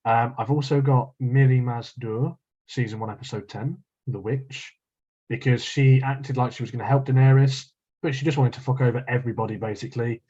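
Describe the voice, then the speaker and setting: Guy chatting, laughs a lot, swears, bit husky, dull lo-fi sound. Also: mid-range voice, fairly even intonation, brisk, dark tone. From English Midlands. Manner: laughs often, swears casually. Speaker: podcast co-host. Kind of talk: casual chat. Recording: dull lo-fi recording.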